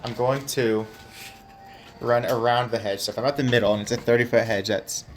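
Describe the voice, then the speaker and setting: A player in a tabletop game, working through the rules and the dice out loud. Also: medium pitch, fairly even intonation, fairly quick, a little hiss or hum. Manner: methodical, checks the rules aloud.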